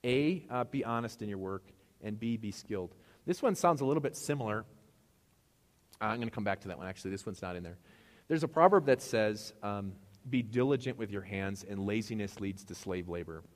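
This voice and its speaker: Casual pastor with a low voice in a reverberant hall. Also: male voice, animated, fairly quick. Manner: casual storytelling, acts out dialogue. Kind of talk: sermon with personal stories.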